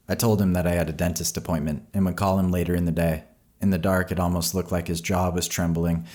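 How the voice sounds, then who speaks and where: A man narrating a horror story in a slow, measured storytelling voice. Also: sits low, level tone, a little mellow.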